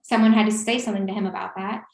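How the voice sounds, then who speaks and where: A woman in her twenties telling a story in casual chat, acting out the voices of the people she quotes. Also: rapid-fire. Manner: animated, acts out quoted lines with rising pitch. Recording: roomy echo.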